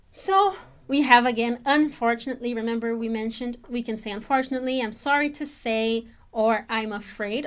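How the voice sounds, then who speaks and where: A woman's voice: fairly high pitch, fairly bright tone, clean tone. A woman teaching English, patiently explaining grammar and often checking in with her students. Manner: patient, explanatory, checks understanding with okay and all right. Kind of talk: online English lesson.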